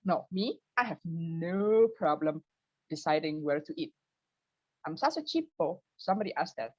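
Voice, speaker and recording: A woman doing self-mocking stand-up comedy from home over a video call, switching into a high voice when she quotes people. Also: lively intonation, moderate pace, no room sound, lo-fi sound. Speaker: open mic comedian. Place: home, early morning.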